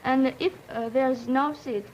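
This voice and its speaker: A young woman from Japan with a Japanese accent, speaking halting English and searching for words on a 1950s radio panel. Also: high-pitched, steady tone, a little mellow, slight background noise. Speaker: student delegate on a panel. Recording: dull vintage broadcast audio.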